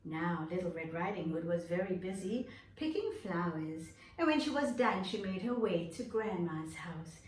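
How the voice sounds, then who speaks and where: A woman teacher telling a story to young children, slow, expressive and animated. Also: lowish voice, roomy sound, far from the mic, slight background noise.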